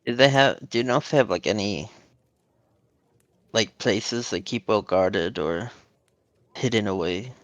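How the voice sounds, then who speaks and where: Give me a man with a low voice asking hesitant questions. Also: unhurried, pauses often, a bit bright, no room sound. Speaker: player. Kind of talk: playing a tabletop game.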